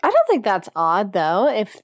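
A woman co-hosting a podcast who reacts in casual chat with short interjections and quick questions. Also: mid-range voice, huge pitch swings, dry recording, studio quality. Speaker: podcast co-host.

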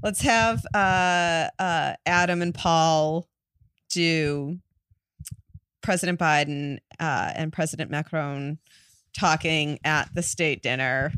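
Blunt host directing comedy scenes. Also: female voice, low-pitched, fairly even intonation, slow, a bit bright, clean tone, dry recording, clean studio sound. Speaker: improv show host. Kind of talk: casual chat.

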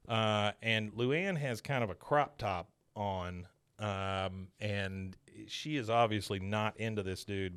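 A man's voice: fairly low pitch, fairly bright tone, smooth, dry recording, clean studio sound. A man hosting a podcast, casually retelling a cartoon episode and briefly mimicking the characters' lines. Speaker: podcast host.

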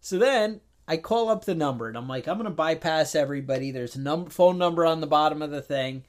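A man with a fairly high, lively voice chatting on a podcast. He tells stories in an animated way, acts out both sides of phone calls and gets exasperated as he goes. His manner is loose and conversational. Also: brisk. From New York. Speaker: podcast co-host. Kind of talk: casual chat.

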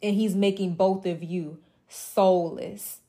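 A young woman acting as a mentor to other women gives an impassioned motivational monologue, emphatic and repetitive, blunt and profane, with mocking asides. Her mellow, dark-toned voice sits in an ordinary middle pitch, with fairly even intonation and a slow pace.

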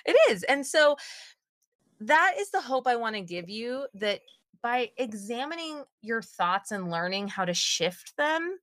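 A woman in her thirties telling a story as a podcast guest, lively and animated, with her voice leaping up as she acts out what was said. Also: unhurried, no room sound, clean studio sound. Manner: animated, acts out quotes with big pitch jumps. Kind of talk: casual interview storytelling.

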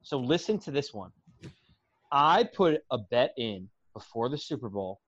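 A man co-hosting a sports podcast, telling a betting story in an animated, suspense-building way. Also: medium pitch, unhurried, dry recording, highs cut off. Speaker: podcast co-host. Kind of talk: casual sports chat.

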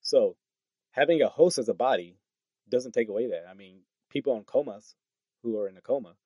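A man with a mid-range voice talks fairly quickly on a dry recording, offering casual political commentary as he reads tweets aloud. He reacts in an animated, incredulous way, stumbling over his words and breaking into short laughs.

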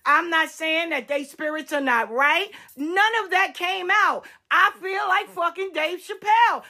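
A woman speaking as a spiritual practitioner on a live stream, heated, profane and confrontational, swinging between shouts and low, pointed asides. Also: a little slow, hardly any pauses.

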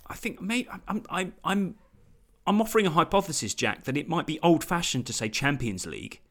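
A man hosting a casual podcast chat, animated and theatrical, sometimes bursting into loud exclamations. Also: fairly high pitch, brisk. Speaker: podcast host.

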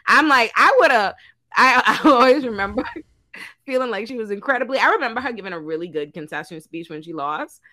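Woman, high pitch, bright tone, animated podcast banter, slangy and profane. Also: brisk, dry recording. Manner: animated, swings between low asides and loud shouting bursts. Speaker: panelist. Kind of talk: casual podcast chat.

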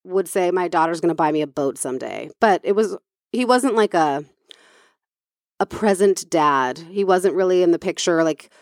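A woman's voice: on the low side, lively intonation, moderate pace, dry recording, clean studio sound. A woman co-hosting a casual chat, talking freely with many fillers and restarts.

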